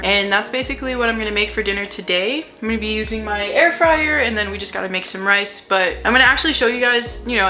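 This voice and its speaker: A woman's voice: mid-range voice, bright, forceful tone. A young woman chatting in a playful, hyper way while cooking in her home kitchen for her vlog. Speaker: vlogger. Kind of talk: casual cook-with-me vlog. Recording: music playing underneath.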